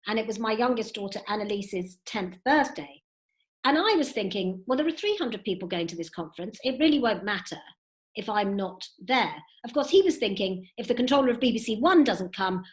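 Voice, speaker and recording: A woman in her fifties, a guest telling lively stories with many "you know"s over a video call from home. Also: on the high side. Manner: animated storytelling with frequent "you know". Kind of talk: recorded video call interview. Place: at home indoors.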